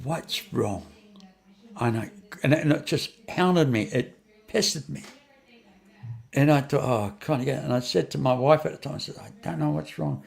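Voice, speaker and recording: As an interview guest, an older man with a slightly high, creaky voice tells a long personal story at normal speed. He rambles, repeats phrases, restarts often, and acts out the lines of the people in his tale.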